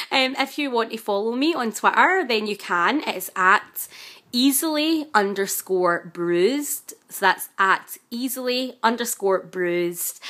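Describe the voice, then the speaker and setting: A talkative woman reviewing a TV series in a casual vlog. She gushes and grumbles in turn, her speech peppered with fillers. Her voice sits at an ordinary medium pitch for a woman. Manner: chatty and excitable, self-described chatterbox; gushing, exasperated outbursts with frequent fillers. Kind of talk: casual chat.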